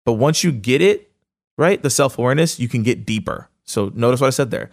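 A man hosting a podcast, speaking in a casual, energetic motivational monologue with lots of fillers and quick bursts. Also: mid-range voice, vocal fry. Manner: energetic, casual, fast-talking with many fillers. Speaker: podcast host.

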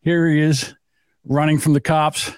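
A man's voice: fairly high pitch, flat delivery, a little slow, clear, resonant tone, dry recording, studio quality. A man co-hosting a podcast in casual, teasing banter, rambling and laughing at his own jokes. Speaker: podcast co-host.

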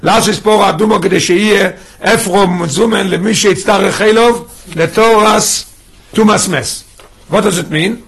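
Man, rabbi teaching a class, emphatic, quick pace, husky voice. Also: high voice, fairly bright tone. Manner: emphatic, mixes in Yiddish and Hebrew terms. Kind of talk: Torah class lecture.

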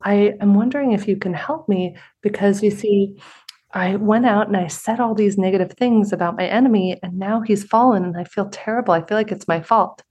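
A woman's voice: medium pitch, brisk, a little mellow, husky, natural voice. A woman voicing a remorseful, anxious man who spread gossip, in a parable told with an earnest, pleading delivery.

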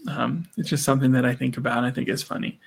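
A man's voice: medium pitch, steady tone, racing, vocal fry, breathy edge. A man co-hosting a podcast, recapping a sitcom episode in casual chat and acting out characters' lines in playful voices. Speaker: podcast co-host.

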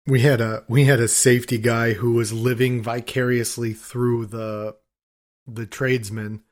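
A man chatting casually on a podcast, spinning loose, filler-packed stories about work. He swears freely and keeps restarting his sentences. When he quotes angry coworkers, he imitates their shouting. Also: mid-range voice, flat delivery, a little slow. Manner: rambling storyteller, swears freely, filler-heavy; acts out other people's shouting in his stories. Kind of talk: casual chat.

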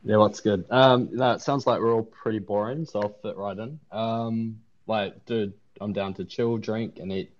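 Chill kiwi guy joking around, lowish voice, dull muffled mic. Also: steady tone, normal speed, few pauses. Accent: New Zealand. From New Zealand. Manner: laid-back, joking. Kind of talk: casual chat.

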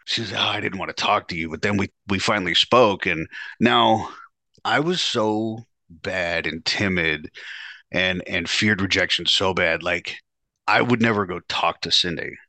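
A man tells a raw personal story on his own show, swearing freely and acting out his old lines. His voice sits deep and low but carries a bright, forceful edge. The sound is dry and close, with no room around it. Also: measured pace, no echo. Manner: profane, animated, acts out his own past lines. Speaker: podcast host telling his life story. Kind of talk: candid storytelling monologue.

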